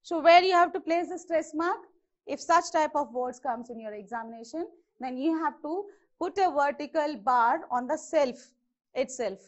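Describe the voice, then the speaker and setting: A woman with an Indian English accent teaching an exam-prep English lesson, repeating each word slowly to model how it is said. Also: sits high. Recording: dull lo-fi sound.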